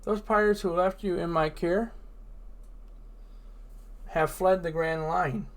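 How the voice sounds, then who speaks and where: A blunt old lighthouse keeper speaks gravely and plainly, as a man reads him aloud. The voice sits a little high for a man. Each line comes out matter-of-fact and heavy. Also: fairly even intonation, takes it slowly. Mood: somber.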